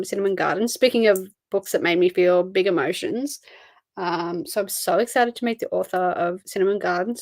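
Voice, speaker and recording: Answering chat messages during a casual livestream, this weary young host speaks at a medium pitch with a slightly mellow tone. There's no echo on the audio.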